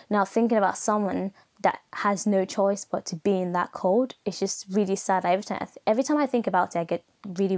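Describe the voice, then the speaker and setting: Chatty young woman podcast host. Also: mid-range voice. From Nigeria. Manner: chatty, rambling, full of "like" and self-corrections. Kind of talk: casual solo podcast monologue.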